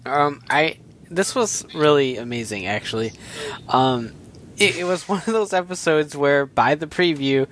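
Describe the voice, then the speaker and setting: A man's voice: on the high side, measured pace, fairly bright tone, a little hiss or hum. A man co-hosting a casual chat about a show, giving brief remarks.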